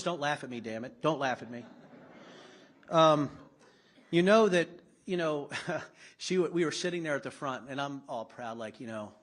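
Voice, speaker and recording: A middle-aged man speaks to a live audience at a political summit. His pitch sits in a mid range. His speech is conversational and self-deprecating, broken by blunt, salty asides. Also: fairly quick.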